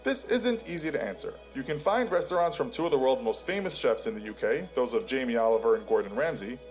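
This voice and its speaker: A man's voice: mid-range voice, animated, fast talker, faint music behind. A man giving scripted documentary-style narration with a wry, teasing delivery.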